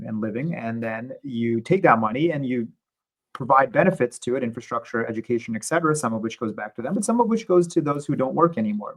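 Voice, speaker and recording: A man speaking as an interview guest, explaining economics in a measured, conversational way with occasional restarts. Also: medium pitch, low-quality recording.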